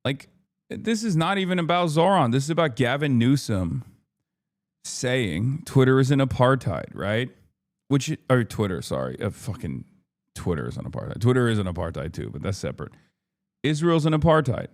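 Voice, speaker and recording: A man's voice: mid-range voice, very animated, normal speed. A man hosting a livestream, ranting in frustrated, profane political commentary. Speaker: livestream host.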